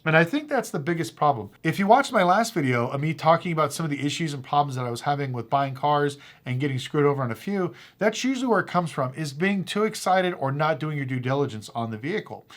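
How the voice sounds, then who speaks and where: A man's voice: fairly high pitch, fast talker, few pauses. A man who deals cars, casually telling a story to the camera and acting out both sides of the conversations. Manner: animated anecdotal, acts out both sides of conversations. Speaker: car dealer and channel host.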